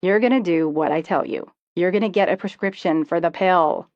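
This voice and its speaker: A woman voicing a brash, crude teenage girl who teases loudly and bluntly, on a dull, lo-fi recording. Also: on the low side, normal speed, no room sound, natural voice. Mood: pushy. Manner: loud, teasing, blunt.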